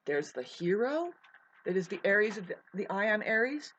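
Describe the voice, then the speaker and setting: A woman rambling through a profane astrology monologue, drifting from quiet musing into loud outbursts. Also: medium pitch, sing-song, moderate pace, muffled recording, a little hiss or hum. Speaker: vlogger.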